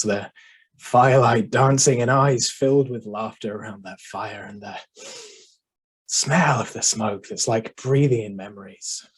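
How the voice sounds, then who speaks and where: A man giving a competition speech over a video call, measured and oratorical with dramatic pauses. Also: fairly low pitch, husky. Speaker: speech contestant.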